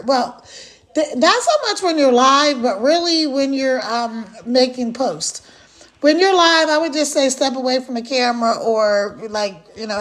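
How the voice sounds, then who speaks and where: A woman with a high voice hosts a casual livestream. She chats straight to her viewers, talkative and animated. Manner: chatty, animated, addresses viewers directly. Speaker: livestream host.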